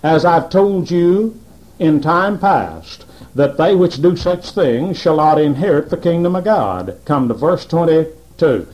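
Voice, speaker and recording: A man preaching a sermon in a high voice that swoops and leaps with every point. He talks to his listeners conversationally, asking questions and pausing to let each point land. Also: lively intonation, a little mellow, poor audio.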